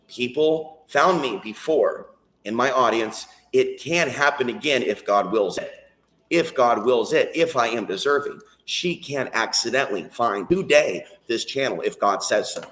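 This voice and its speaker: A man's voice: medium pitch, animated, unhurried, fairly bright tone. A man delivering an intense, rambling spiritual monologue and prayer on his own channel, swearing freely. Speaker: channel host. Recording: echoey.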